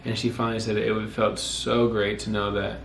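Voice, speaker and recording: A young man in his twenties, a vlogger, casually recounts how he and his wife got engaged, rambling, correcting himself, and often quoting his own words. His gravelly voice is fairly low, a bit fast, and fairly flat in pitch. The room is echoey with faint background noise.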